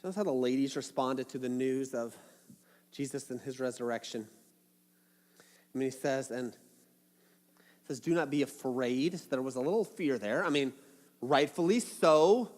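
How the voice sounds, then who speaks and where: A man's voice: mid-range voice, normal speed, long pauses. A man preaching a sermon as a pastor, casual and playful, acting out little asides as he tells the story. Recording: long hall reverb.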